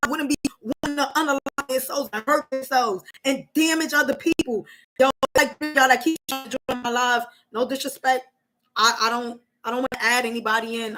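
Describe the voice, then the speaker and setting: A woman's voice: fairly high pitch, a bit bright, rough recording. A woman hosting a casual live stream, talking emotionally and candidly and swearing freely.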